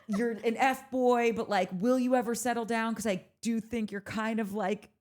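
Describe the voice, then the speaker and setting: A woman's voice: a little high, steady tone, moderate pace, darkish tone. A woman co-hosting a podcast, chatting casually and joking, often breaking into laughter. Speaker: podcast co-host. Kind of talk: casual recap chat.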